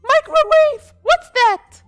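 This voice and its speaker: A man voicing a clingy, sweet female kraken monster girl in an eager, doting falsetto while reading a game's dialogue. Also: slow, dry recording, soft background music, exaggerated voice. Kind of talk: reading game dialogue aloud.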